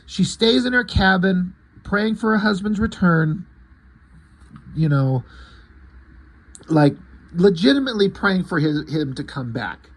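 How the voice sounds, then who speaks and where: A man's voice: high voice, lively intonation, unhurried, long pauses. A man casually paging through a comic book, loosely retelling the story in a rambling way.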